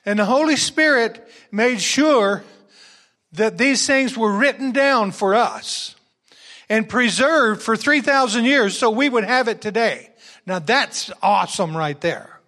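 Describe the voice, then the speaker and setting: High-voiced, unhurried preacher man. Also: animated. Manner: swings from quiet asides to loud exuberant exclamations. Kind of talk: sermon with scripture reading.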